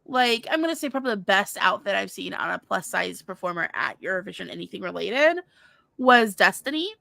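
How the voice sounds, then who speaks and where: Woman with a bright, gravelly voice. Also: medium pitch, lively intonation, fairly quick, no echo. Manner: chatty, laughs often, trails off. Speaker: podcast co-host. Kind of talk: casual chat.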